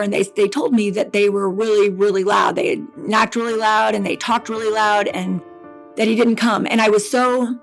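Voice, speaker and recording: A middle-aged woman telling a painful personal story in a podcast interview, halting and emotional, with restarts and repetition. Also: mid-range voice. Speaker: bereaved mother guest.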